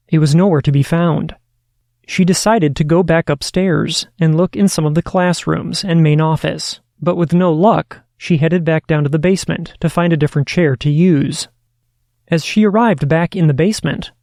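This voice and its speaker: A man hosting a podcast, reading listener stories aloud in a steady, earnest way. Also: a little high, gravelly, no room sound, clean studio sound. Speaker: podcast host.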